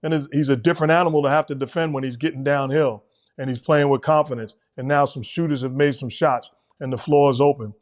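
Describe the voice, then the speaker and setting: A middle-aged man calmly breaking down basketball plays as co-host of a sports talk show. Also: mid-range voice. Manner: measured, coach-like breakdowns. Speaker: podcast co-host, basketball analyst.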